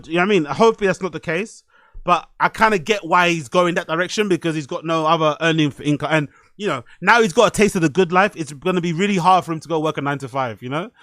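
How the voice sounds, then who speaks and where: Man, podcast host, rambling, sweary, high voice, dry room. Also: a bit bright, no room sound. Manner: swearing, rambling, frequent asides. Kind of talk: casual reaction chat.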